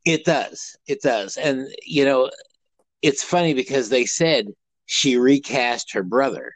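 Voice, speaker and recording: A man co-hosts a podcast, rambling casually with plenty of fillers and restarted sentences. His voice sits at an ordinary middle pitch and he speaks slowly. The low-quality recording is dry and close, with no echo.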